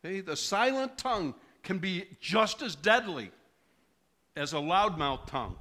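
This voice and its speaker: A man's voice: high-pitched, very animated, measured pace, pushed and bright. A middle-aged male preacher telling a personal story in a sermon, asking the congregation questions along the way. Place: church.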